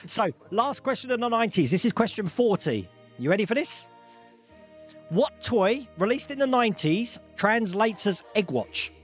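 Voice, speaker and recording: Lively high-voiced man hosting a quiz. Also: normal speed, faint music behind. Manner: jokey, laughs often, reads out multiple-choice options. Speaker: quiz host. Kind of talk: live-streamed pub quiz hosting.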